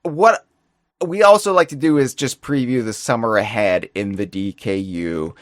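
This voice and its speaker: A man co-hosting a casual live-streamed podcast, chatting playfully with quick asides and rambling tangents. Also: medium pitch, no echo, clean studio sound. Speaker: podcast co-host.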